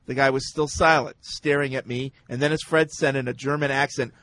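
A man's voice: mid-range voice, steady tone, brisk, hardly any pauses, fairly bright tone, rough recording. A man hosting a casual sports radio show, reading listener emails aloud between banter.

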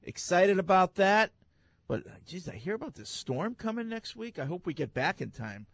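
A man's voice: high voice, sing-song, normal speed, creaky, fairly bright tone, no room sound. A man hosting a sports talk show, chatting casually in a studio with many fillers.

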